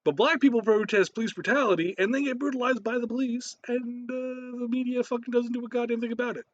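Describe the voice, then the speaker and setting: A man's voice: very high-pitched, steady tone, fast, highs cut off. A man giving a profane, ranting reaction commentary, swearing heavily and cutting in with laughs.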